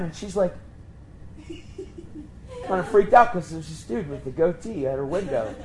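A man preaching, telling a story and acting out the voices of the people in it with sudden high jumps in pitch. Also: lively intonation, fairly quick, a little mellow, rough recording. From Pennsylvania. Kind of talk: storytelling sermon.

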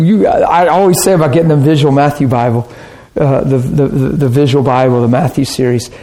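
A man preaching a sermon, animated and chatty, acting out harsh voices and laughing often. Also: fairly high pitch.

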